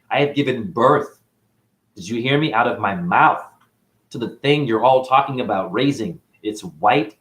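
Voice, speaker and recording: A man giving a preachy, boastful spiritual monologue to camera, breaking into sudden loud outbursts. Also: mid-range voice. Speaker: self-styled spiritual teacher.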